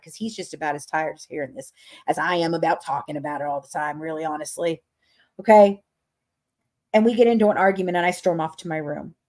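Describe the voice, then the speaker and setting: A woman's voice: deep voice, a little mellow. A woman hosting a podcast, telling a story in a casual rant that is profane, emphatic and dramatic. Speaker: podcast host.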